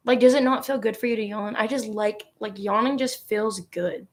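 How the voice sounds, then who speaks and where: A woman's voice: medium pitch, fairly even intonation, moderate pace, darkish tone. Bubbly slangy young woman chatting. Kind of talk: casual chat.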